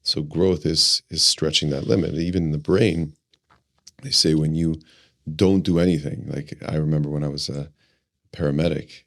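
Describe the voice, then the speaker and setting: A man hosting a podcast, calmly explaining and teaching as a coach. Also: extremely low pitch, moderate pace, creaky, no echo, clean studio sound. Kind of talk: reflective explanation.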